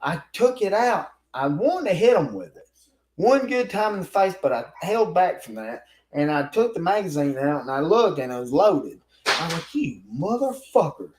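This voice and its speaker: A man's voice: a little high, big pitch swings, moderate pace, poor audio. A man telling a story in a casual podcast chat, talking bluntly with a lot of swearing. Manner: rough, informal speech. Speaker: guest telling stories from law enforcement work.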